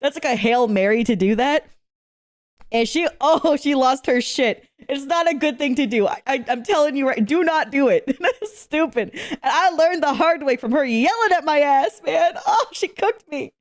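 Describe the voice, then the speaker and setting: A young woman hosting an anime reaction, talking casually, swearing freely and shouting at the screen in excitement. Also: sits high, moderate pace.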